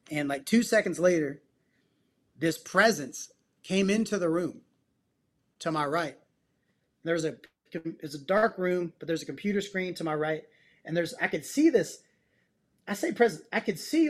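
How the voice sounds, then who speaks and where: Earnest man telling a personal story. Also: on the high side. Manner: earnest, emphatic storytelling with casual slang. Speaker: podcast guest, psychotherapist and men's coach. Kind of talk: personal testimony in casual interview.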